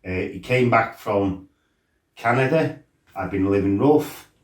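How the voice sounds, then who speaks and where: A middle-aged man tells his life story as a former fighter, bluntly and with lots of swearing, acting out his own shouts. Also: on the low side, measured pace. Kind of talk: casual storytelling interview. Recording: roomy, mic set some distance off.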